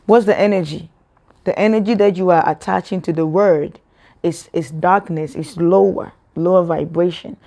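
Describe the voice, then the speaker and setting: A woman's voice: on the low side, fairly even intonation, moderate pace, warm tone. A woman giving a casual spiritual monologue to camera, preaching to her viewers and asking them rhetorical questions. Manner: informal, addresses viewers as y'all. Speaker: spiritual vlogger.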